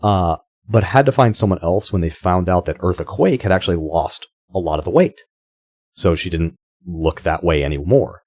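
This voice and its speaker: Deep-voiced man chatting on a podcast. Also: moderate pace, a little mellow, dry recording, clean studio sound. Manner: chatty, swears casually, stumbles and restarts. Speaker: podcast co-host. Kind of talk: casual podcast chat.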